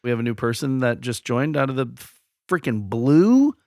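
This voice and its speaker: A man's voice: medium pitch, little pitch movement, quick pace, dry recording, studio quality. A man co-hosting a casual podcast, talking in a laid-back, rambling way with filler words. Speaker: podcast co-host.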